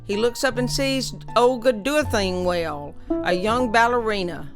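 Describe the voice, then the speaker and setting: A woman narrating an illustrated story in an animated, playful way. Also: fairly high pitch, measured pace. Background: music.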